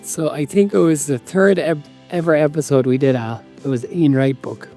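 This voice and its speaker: A man's voice: on the high side, moderate pace, mellow, faint music behind. A male podcast co-host in casual banter, sheepish and self-deprecating about his own mistakes.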